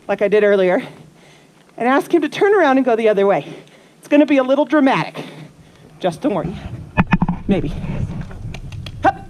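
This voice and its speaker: A woman's voice: high-pitched, a little mellow. A woman horse trainer giving a live teaching demonstration outdoors. She explains her method and coaxes the horse between her points. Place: outdoor horse pen at a camp. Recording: noisy outdoor recording.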